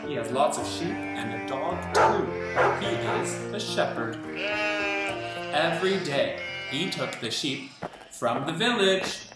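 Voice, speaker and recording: A man, an English teacher, reading a storybook aloud to children and asking them questions along the way. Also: mid-range voice. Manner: slow, animated, asks listeners questions. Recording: roomy echo, loud guitar music.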